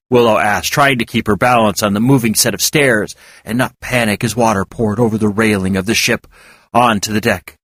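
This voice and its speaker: A man narrating a fantasy serial with an expressive reading. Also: on the low side, normal speed, no room sound, studio quality. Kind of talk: audiobook narration.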